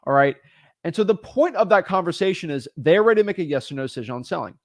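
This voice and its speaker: Lively man coaching real estate sellers. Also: a little high, dry recording, studio quality. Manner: animated, quick restarts and repeated words. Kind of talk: energetic teaching with phone role-play. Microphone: studio microphone.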